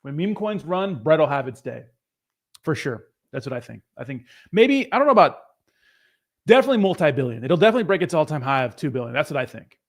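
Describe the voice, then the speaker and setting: A man's voice: a little high, sing-song, fast talker. A young man hosting a crypto livestream who reads out viewer comments in casual, rambling, profane chat.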